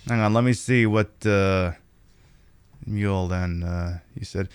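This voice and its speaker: A man's voice: sits low, takes it slowly, faint music behind. A man with an Australian accent, ranting and swearing in casual chat while streaming a game.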